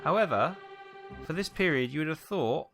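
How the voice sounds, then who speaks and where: A Welsh man rambles through let's play commentary in a mid-pitched voice. He mutters and thinks aloud as he works out a puzzle. Game music plays clearly behind him. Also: expressive, normal speed. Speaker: game streamer.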